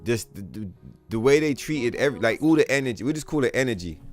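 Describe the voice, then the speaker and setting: A young man hosts a gaming livestream, chatting casually with viewers, reading the chat aloud and answering them in a profane, rambling style packed with fillers. He talks fast at a medium pitch with lively intonation, and faint music plays behind his voice.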